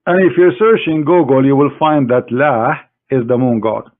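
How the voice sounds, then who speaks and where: A man giving a combative screen-share lecture in mocking, halting English as an online debater. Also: medium pitch. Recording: tinny phone-like online audio.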